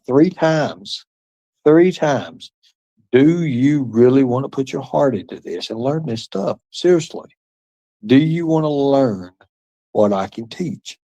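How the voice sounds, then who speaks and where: Male livestream host, mid-pitched voice, rambling and mocking, profane, muttered asides to chat. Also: expressive, unhurried, mellow. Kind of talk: rambling live-stream chat reading comments.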